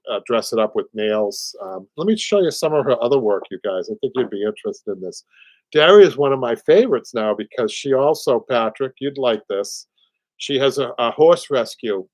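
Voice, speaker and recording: A man's voice: lowish voice, no echo. A man in his sixties with a Boston accent, hosting a live upholstery show in a rambling, chatty way. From Boston area, USA. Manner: chatty, rambling, repeats words, laughs often. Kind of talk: casual livestream chat.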